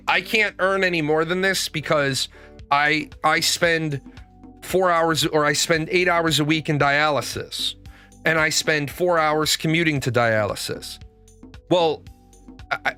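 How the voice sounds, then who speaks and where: Blunt, profane man with a bright voice. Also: a little high. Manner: blunt, profane, rambling storytelling. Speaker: show host. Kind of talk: casual monologue.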